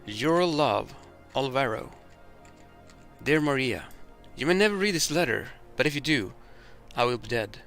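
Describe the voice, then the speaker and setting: A man reading aloud as a trapped young man writing a farewell letter, louder and earnest. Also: mid-range voice, animated, a little slow, soft background music.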